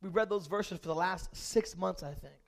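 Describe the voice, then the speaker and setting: A man preaching as a pastor, moving from a relaxed story to loud, repeated calls to the congregation. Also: high voice, normal speed, vocal fry. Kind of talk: sermon.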